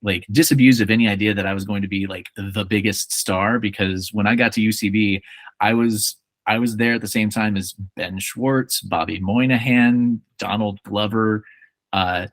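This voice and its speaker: Guy in his 40s on a podcast, kinda low voice, playful, bone dry sound. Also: moderate pace, dry recording. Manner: playful, animated storyteller. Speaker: podcast guest, actor. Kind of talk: casual chat.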